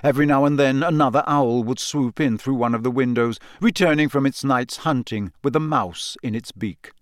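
This scripted audiobook narration comes from a man with a mid-range voice, reading expressively yet measuredly. It's a dry, studio-quality recording.

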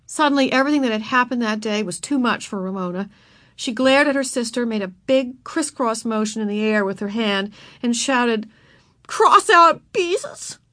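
A woman reading a children's story aloud, expressive and putting on voices for the characters. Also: on the high side, moderate pace. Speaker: narrator. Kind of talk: children's book read aloud.

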